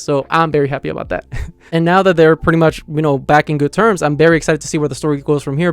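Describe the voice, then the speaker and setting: A young man talking through a manga chapter in a rambling, excited way, full of fillers and restarts. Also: a little high, clean tone. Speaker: manga reviewer. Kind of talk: casual excited review.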